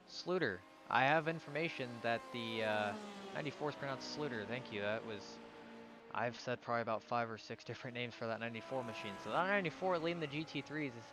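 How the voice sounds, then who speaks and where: A man's voice: medium pitch, noisy background. A man giving live commentary on an online sim race, calling out positions and sometimes stumbling over drivers' names.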